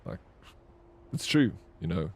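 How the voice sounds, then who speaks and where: This is casual live gameplay chat from a male streamer whose deep, breathy-edged voice moves at a slow pace but stays very animated. He reads out viewers' messages and answers them, drifting into rambling anecdotes riddled with fillers and restarts.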